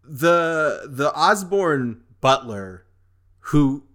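A man's voice: fairly high pitch, sing-song, very slow, fairly bright tone. A young man co-hosting a podcast in casual chat, rambling with fillers and doing goofy impressions. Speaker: podcast co-host.

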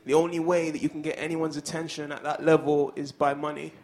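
Young man with a flat voice. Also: fairly high pitch, quick pace. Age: young adult.

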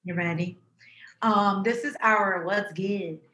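A woman co-hosting a podcast over a video call, chatting casually in an animated, emphatic way. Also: medium pitch, slow pace, roomy sound. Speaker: podcast co-host. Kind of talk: casual chat.

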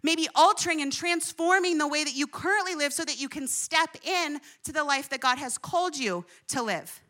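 Bright high-voiced woman preaching. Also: moderate pace. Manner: animated, humorous storytelling with asides to the audience. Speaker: pastor. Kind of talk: sermon with personal stories.

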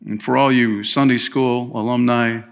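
A man preaching a sermon as pastor, telling a story in a relaxed, conversational way with chatty asides. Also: medium pitch, moderate pace. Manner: slips into playful voices for quoted people.

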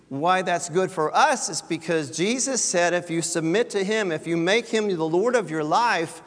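A man's voice: sits high, expressive, a little slow, in a large hall. A man preaching a sermon as pastor, talking in a conversational way and putting scripture into everyday words.

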